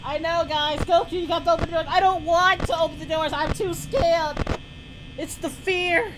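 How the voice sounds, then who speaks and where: A man voicing the adult male anime hero Goku in a high, strained cartoonish voice, yelling crude insults in panicked comedic gameplay commentary. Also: steady tone, moderate pace, background noise. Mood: scared. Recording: loud game music behind.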